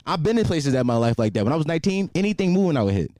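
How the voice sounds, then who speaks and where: A young man in his twenties argues his case on a casual podcast, repeating points to push back. He talks fast with a lively, somewhat high voice. The recording is dry and close. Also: no room sound. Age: 20s. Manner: argumentative, pushes back and repeats himself. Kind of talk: casual drunk podcast chat.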